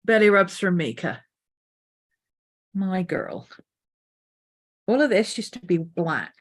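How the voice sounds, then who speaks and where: A woman artist thinking aloud as she sketches, unhurried, now and then cooing to her dog. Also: lowish voice, sing-song. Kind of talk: casual art vlog narration. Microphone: desk mic.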